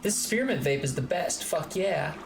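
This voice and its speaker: A woman's voice: sits low, expressive, normal speed, creaky, over music. A woman streamer chatting casually and rambling while she plays, swearing freely, from a home streaming room. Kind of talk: casual chat while gaming.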